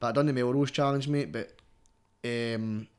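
A man's voice: mid-range voice, steady tone, moderate pace, darkish tone, smooth. A young man with a Scottish accent, a guest rapper chatting casually, rambling and swearing constantly, tagging everything with "mate.". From Scotland. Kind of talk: casual interview chat.

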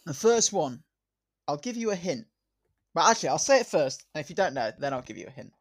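A man's voice: on the high side, sing-song, fairly quick. Hesitant man running a quiz. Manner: hesitant, repeats words, laughs easily. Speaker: podcast co-host. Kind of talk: casual podcast chat.

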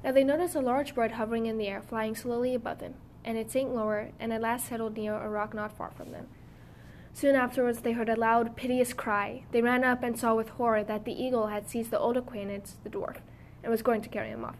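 A woman's voice: on the high side, steady tone, brisk, a little hiss or hum. Woman reading a fairy tale aloud. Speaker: narrator.

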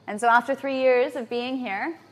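A woman giving a lecture as a natural hygienist, often checking in with her audience through quick tag questions. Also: fairly high pitch, fairly bright tone. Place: lecture venue in Bali.

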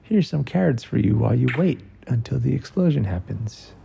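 A man's voice: mid-range voice, lively intonation, moderate pace, gravelly, dark tone, slight background noise. A man voicing a sly, easygoing cartoon rabbit in a bedtime story, teasing and laid-back.

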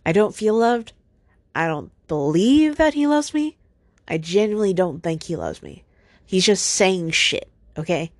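Upset young woman venting solo, sighs a lot, low gravelly voice, dry close sound. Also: no echo. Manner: frequent heavy sighs, upset. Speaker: podcast host.

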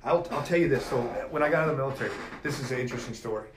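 A middle-aged man talks as a podcast guest, spinning animated, emphatic stories at a mid pitch. His voice rings around a roomy, echoey space with a faint hum of background noise. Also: racing. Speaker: podcast guest, jiu-jitsu black belt. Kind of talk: casual storytelling conversation.

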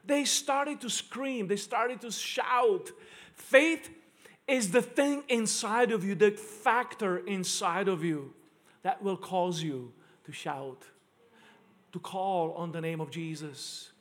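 A man's voice: sits high, slow, a bit bright. A man preaching a sermon to a congregation, emphatic and repeating key lines for stress. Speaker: pastor. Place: church service in front of a congregation.

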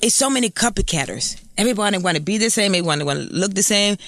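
A woman's voice: mid-range voice, lively intonation, quick pace, a bit bright, no room sound. A woman in her thirties from Puerto Rico with a Puerto Rican accent, talking bluntly and profanely as a guest in a casual interview. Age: 30s.

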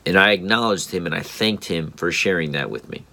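A man's voice: deep voice, fairly quick, vocal fry, pushed and bright. A man in his thirties, a tired father telling a personal story in a casual, earnest, reflective way with frequent fillers and restarts. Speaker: father vlogger.

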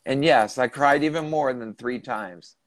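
A man's voice: mid-range voice, measured pace, no echo. Male podcast host, earnest storyteller, mid-range voice, dry recording. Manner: earnest, retelling and rephrasing questions. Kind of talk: recounting a channeling session.

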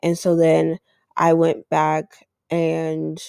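A woman hosting a podcast tells a storytime in a loose, rambling flow. She leans on "like" and slips into quoting what other people said. Her voice has a gravelly vocal-fry edge, and the recording sounds dry and close with no room around it. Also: low-pitched, completely flat delivery, drawn-out words, warm tone, no room sound. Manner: rambling, heavy use of "like", acts out quoted dialogue. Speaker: podcast host. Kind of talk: casual storytime monologue.

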